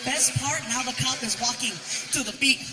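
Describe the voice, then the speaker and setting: A male stand-up comedian telling a story in a fast, animated way, on a handheld stage mic at a live comedy venue. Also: very high-pitched. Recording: reverberant live hall, faint music.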